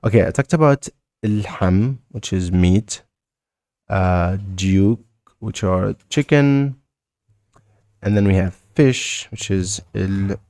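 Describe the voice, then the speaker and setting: A man with a Mauritanian accent teaching a casual language lesson, repeating words slowly and chatting loosely. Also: on the low side, warm tone, no echo, studio quality.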